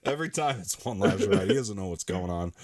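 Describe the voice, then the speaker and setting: Low-voiced man, casual podcast rambling. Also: very animated, brisk, a loud crowd. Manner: rambling, laughs often, many fillers. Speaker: podcast co-host. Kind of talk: casual chat.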